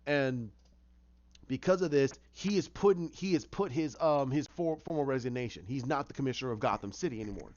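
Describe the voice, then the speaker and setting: A man rambles through a story idea of his own in casual speech, stumbling over restarts and slipping into acted-out lines. His voice sits at an ordinary mid pitch. The recording sounds muffled and lo-fi. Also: a little mellow. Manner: halting, with many restarts and fillers, acting out lines.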